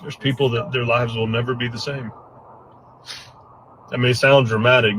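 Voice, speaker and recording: A man's voice: mid-range voice, flat delivery, moderate pace, pauses often, fairly bright tone, slight background noise, low-quality recording. A man giving an earnest, choked-up update after a storm, speaking bluntly. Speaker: hurricane survivor giving an update. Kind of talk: emotional first-person update.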